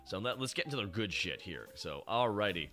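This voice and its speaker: A man hosting a casual chat and reviewing robot designs, excitable and rambling, and swearing freely as he goes. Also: on the low side, brisk, soft background music. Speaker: show host.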